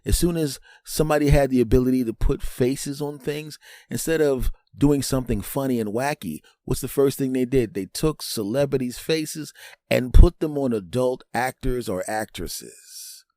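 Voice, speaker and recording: A man hosting a show, telling a comedic monologue with animated delivery, sudden pitch jumps and frequent asides asking "right?". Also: normal speed, no room sound, clean studio sound. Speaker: host.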